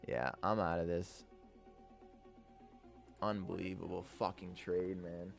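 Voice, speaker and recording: A young man live-streaming his day trading, excitable and swearing often as he talks to his chat. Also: sits low, takes it slowly, creaky. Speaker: livestreaming day trader. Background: faint music.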